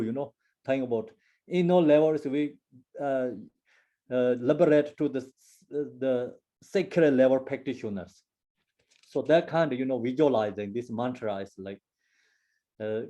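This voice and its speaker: A man giving a Buddhist teaching in halting, non-native English, with many fillers and restarts. At times he slowly chants mantra syllables. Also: mid-range voice, mellow, highs cut off. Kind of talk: dharma teaching.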